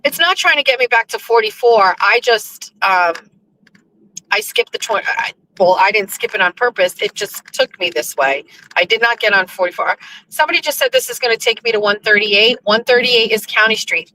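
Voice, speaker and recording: A woman in her fifties chatting casually from a moving vehicle, excitable and laughing, swearing freely. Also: medium pitch, normal speed, a little hiss or hum, poor audio. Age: 50s. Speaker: vlogger. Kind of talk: casual chat. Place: riding in a vehicle.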